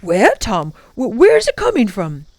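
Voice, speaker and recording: A woman reading aloud and voicing a calm, steady older male professor with a measured, reassuring manner. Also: sits high, dry recording.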